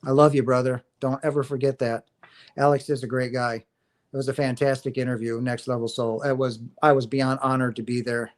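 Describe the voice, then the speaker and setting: A man's voice: medium pitch, flat delivery, a little fast. A middle-aged man talks on his own livestream in a middle-range voice. His speech rambles and restarts, with many fillers. He sounds earnest and affectionate toward his viewers. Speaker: livestream host. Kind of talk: casual spiritual talk on a livestream.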